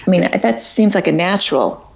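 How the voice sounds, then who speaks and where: A woman's voice: lowish voice, lively intonation, fairly quick, vocal fry, darkish tone. A woman hosting a casual chat, curious and full of questions. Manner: curious, asks many questions.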